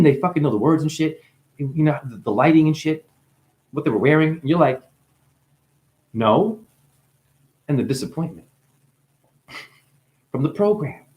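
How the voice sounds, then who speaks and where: Excitable New Jersey man ranting to camera. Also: fairly high pitch, fairly quick, pauses often. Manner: excitable, swings from loud bursts to hushed musing, swears freely. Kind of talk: rambling spiritual monologue.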